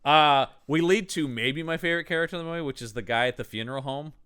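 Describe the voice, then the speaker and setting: A man's voice: on the high side, fast talker, clean tone. A man co-hosting a casual movie podcast, acting out characters' lines as he talks. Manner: animated, acts out characters' lines. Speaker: podcast co-host. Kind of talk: casual movie review chat.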